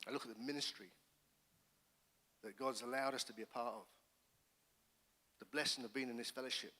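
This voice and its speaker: Speaking from the pulpit, a middle-aged pastor from England delivers his personal testimony in a bright, forceful voice of medium pitch, going a little fast. His storytelling is animated and full of restarted phrases, and the church hall's long reverb carries every word.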